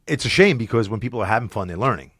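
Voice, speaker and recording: Jokey man with a lively voice. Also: on the low side, rapid-fire, husky, no echo, clean studio sound. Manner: playful, jokey, slips into character voices. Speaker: voiceover talent and event host. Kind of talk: casual podcast chat. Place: studio.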